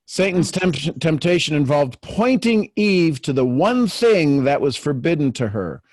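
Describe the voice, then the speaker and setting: A man's voice: fairly high pitch, sing-song, a little slow, a little mellow, dry recording. A man hosting a spiritual talk show, reading a devotional aloud in an earnest, preacherly way. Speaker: podcast host.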